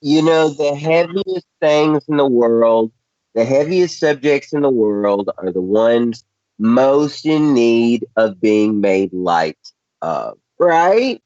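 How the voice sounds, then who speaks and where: A man's voice: medium pitch, lively intonation, slow, a little mellow, no echo. A male radio co-host in casual chat, joking and musing wryly, over muffled lo-fi radio audio.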